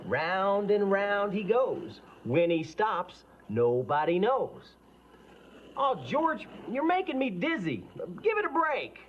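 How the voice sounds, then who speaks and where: A man's voice: sits high, big pitch swings, takes it slowly, highs cut off, noisy background, heavily acted. A man voicing an exasperated, chatty fellow complaining about his roommate in a cartoon. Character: fed-up adult man with dizzy roommate.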